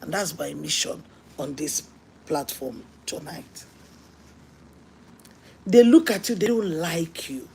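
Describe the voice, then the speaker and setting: A woman pastor preaching a sermon, telling stories earnestly and swinging between hushed lines and emphatic ones. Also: low-pitched, animated, takes it slowly, creaky, long pauses, husky.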